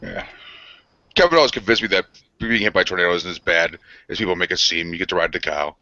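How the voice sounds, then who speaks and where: Bright, low-voiced man bantering casually. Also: quick pace, no echo. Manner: loose, rambling, profane banter. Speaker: podcast co-host. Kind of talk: casual chat. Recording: dry, dull lo-fi sound.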